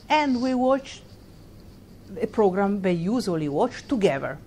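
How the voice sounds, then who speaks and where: A woman's voice: a little high, expressive, warm tone, slight background noise. A middle-aged woman from Italy with an Italian accent, giving a university lecture in English and often stopping to search for words. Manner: halting, searching for words, laughs while telling a story. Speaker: guest lecturer.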